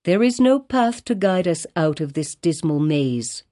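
A woman's voice: on the low side, expressive, measured pace, dark tone. A woman reading the part of a sorrowful, firm young woman in an audiobook, earnest and pleading in old-fashioned speech. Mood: firm despair.

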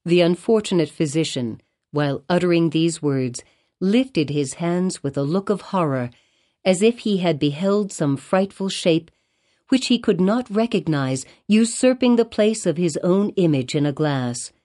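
A woman narrates a classic novel for an audiobook in a measured, formal style. Her voice sits fairly low and sounds dark and mellow. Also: lively intonation.

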